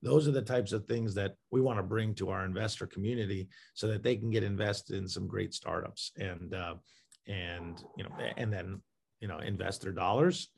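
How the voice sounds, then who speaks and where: A man's voice: lowish voice, steady tone, moderate pace, vocal fry, a little hiss or hum. A man who runs a crowdfunding platform, answering interview questions in a loose explanatory way with many fillers and restarts.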